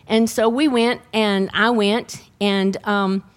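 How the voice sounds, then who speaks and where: A middle-aged woman preaches a sermon, recounting her own healing testimony with lively storytelling. Her voice is mid-range and her pace is slow.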